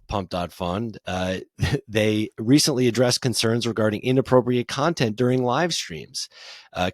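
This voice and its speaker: Low-voiced male co-host, dry sound. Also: no room sound. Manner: brisk news-read turning into casual banter. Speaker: podcast co-host. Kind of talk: reading news items and discussing them.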